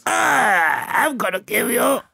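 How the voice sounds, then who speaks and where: A man putting on a shrill, raspy Cockney woman. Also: big pitch swings, a little slow, exaggerated voice. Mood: bawdy, impatient. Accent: Cockney, put on. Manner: coarse, brusque, shouting at times. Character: groggy Cockney British woman, bawdy and impatient.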